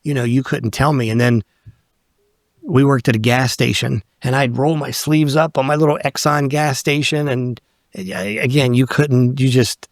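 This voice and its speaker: A man's voice: mid-range voice, moderate pace, no echo, studio quality. A middle-aged man from Northern Virginia telling stories as a podcast guest, acting out the people he quotes and swearing casually. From Northern Virginia, USA. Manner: animated storyteller who acts out quoted people, swears casually. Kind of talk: casual storytelling conversation.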